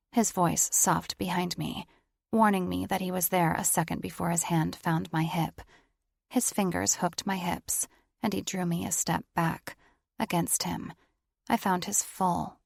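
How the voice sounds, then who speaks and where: Low gravelly female audiobook narrator. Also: no echo, studio quality. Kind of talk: first-person audiobook narration.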